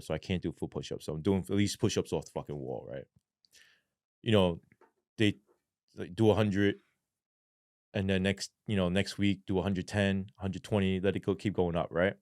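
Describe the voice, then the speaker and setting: Profane New man, low dry voice. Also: normal speed, no echo. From New York. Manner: profane and animated, keeps asking "right?". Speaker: guest. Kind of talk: casual storytelling.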